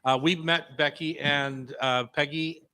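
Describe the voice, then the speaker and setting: Guy hosting a food radio show, kinda high and bright, jokey and loose. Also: fairly even intonation, a little slow. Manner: chatty, joking, loose with fillers. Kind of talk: casual radio chat.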